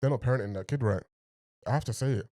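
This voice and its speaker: A man's voice: mid-range voice, fast, mellow, no echo, studio quality. A man hosting a TV reaction video, talking expressively to his viewers, laughing and trailing off as he reacts. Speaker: TV reaction host. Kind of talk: emotional reaction commentary.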